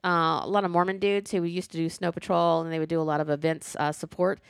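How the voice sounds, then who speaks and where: Chatty low-voiced woman, dry sound. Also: gravelly, clear, resonant tone, no echo. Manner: animated, chatty, quick asides and playful sass. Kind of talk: casual chat reviewing a TV show.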